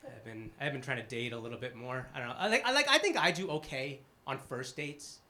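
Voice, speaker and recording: Fast-shifting, bright-voiced young comic from Boston. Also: male voice, medium pitch, expressive, a little hiss or hum. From Boston area, Massachusetts. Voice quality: halting delivery with many fillers and restarts. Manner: dry, self-deprecating punchlines. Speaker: stand-up comedian. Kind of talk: stand-up comedy set. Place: live comedy stage with an audience.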